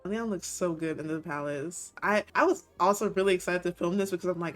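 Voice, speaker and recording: A chatty woman narrates her life-sim gameplay with frequent giggles, in a slightly low voice. Faint music runs underneath her commentary, recorded at a home setup. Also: brisk. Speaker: gaming video creator.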